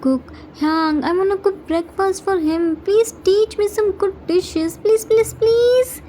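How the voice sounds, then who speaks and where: A woman's voice: very high voice, measured pace, warm tone, slight background noise. A woman voicing a playful, pouty young man who talks in a cutesy baby voice and pleads whinily. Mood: cutesy pleading.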